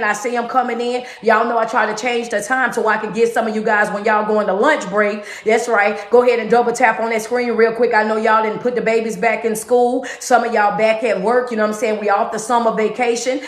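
A middle-aged woman, talking as a motivational life coach on a livestream, energetic and repetitive as she calls out to her viewers. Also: mid-range voice. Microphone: phone livestream. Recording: echoey room on a phone.

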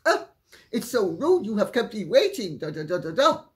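A woman putting on the voice of a fussy, haughty older woman who whines and complains in a high, shrill tone. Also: lively intonation, a little fast, close to an everyday voice. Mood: complaining. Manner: shrill, whiny, insistent.

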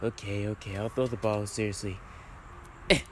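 A young man improvises a casual comedy skit, voicing several friends who bicker in whiny, slangy banter packed with fillers. His voice is fairly low and fairly bright, steady in tone at a normal speed, with a little hiss or hum on the recording.

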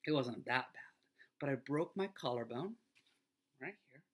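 A middle-aged man, a school pastor, giving a children's devotional talk in a gentle, earnest way that often sinks to a soft near-whisper. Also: medium pitch, animated, a little slow.

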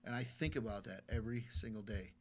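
A man's voice: fairly low pitch, fairly even intonation, fast talker. Earnest man telling stories in an interview. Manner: earnest, repeats words as he restarts. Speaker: Navy veteran guest. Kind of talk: casual interview storytelling.

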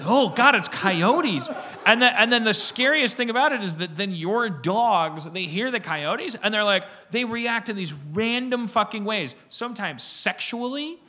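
A man's voice: high voice, moderate pace, hardly any pauses. A man on a podcast riffing in casual chat, laughing and swearing as he acts out voices. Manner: laughing, animated, profane riffing.

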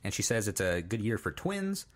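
A young man with a low, deep voice talks through cartoon episodes on a podcast. He stops and restarts often, uses plenty of fillers, and quotes the characters as he goes. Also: very animated. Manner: halting, with many fillers, restarts and quoted lines. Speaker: podcast co-host. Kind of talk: casual chat recapping a cartoon. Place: studio.

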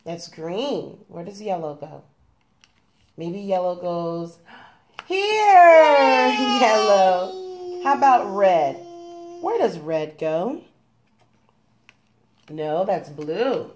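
A woman's voice: lowish voice, big pitch swings, slow, pauses often, mellow, a little hiss or hum. A young woman at home teaching her toddler colors and letters, patient and coaxing, with plenty of praise. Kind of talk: gentle toddler lesson at home.

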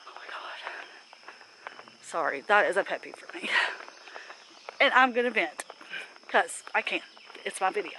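A woman's voice: medium pitch, expressive, normal speed, pauses often, bright, forceful tone, slight background noise. A woman walking an outdoor park loop and chatting to her camera, pointing out sights and venting casually. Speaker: vlogger. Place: outdoors on a rural park road. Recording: faint outdoor ambience with insects.

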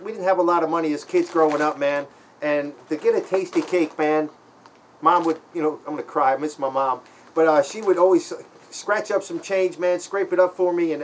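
Excited man with a high voice. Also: slight background noise. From Baltimore, Maryland. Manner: excited, grateful, repeats "man" and "guys"; breaks into a heartfelt spoken prayer. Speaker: vlogger opening a gift package. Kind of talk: casual unboxing vlog.

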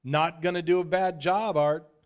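A man's voice: on the high side, steady tone, moderate pace, natural voice. A man voicing an eager, earnest, good-natured male friend who talks in a friendly way.

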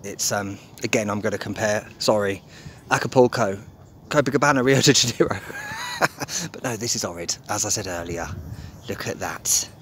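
A man with a fairly low, fairly bright voice chats a little fast as he vlogs his travels on a handheld phone, upbeat with lots of ums and laughs. He's on the move outdoors and in a restaurant, and there's a little hiss or hum.

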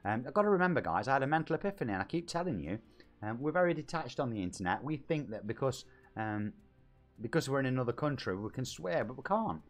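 A man talks casually on a game stream. He reads messages aloud and jokes along in a chatty way, with a mid-range voice that swings lively up and down. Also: mid-range voice, fast talker. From Nottingham, England. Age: 40s. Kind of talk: casual live-stream chat.

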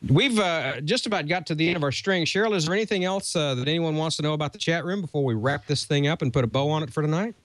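A man's voice: on the high side, fast talker, hardly any pauses, no echo. A man in his fifties co-hosting a ham radio show, telling stories in a folksy, chuckling way. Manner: folksy storytelling, chuckles often. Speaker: co-host.

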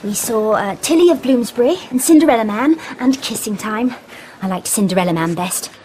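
A woman's voice: a little high, animated, fairly quick, a little mellow, a little hiss or hum, lightly acted. An actress playing a scatterbrained young woman who gushes and stammers in a radio play. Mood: chattering. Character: Joan, young woman, flighty and chattering.

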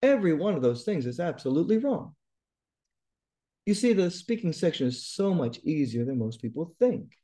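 A middle-aged tutor speaks straight to his viewers, blunt and emphatic, hammering home each point. His voice sits a little high yet sounds warm and mellow. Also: very animated, normal speed. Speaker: TOEFL tutor. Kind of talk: direct advice lesson to viewers.

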